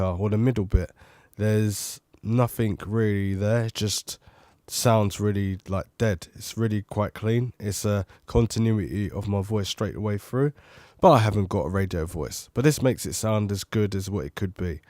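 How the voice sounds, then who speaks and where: A man's voice: fairly low pitch, unhurried, darkish tone, dry recording. A man talking casually and rambling a little as he tests a studio condenser microphone at his desk at home. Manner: rambling, chatty, self-commenting. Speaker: tech reviewer. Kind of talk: casual microphone test talk. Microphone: close studio condenser mic.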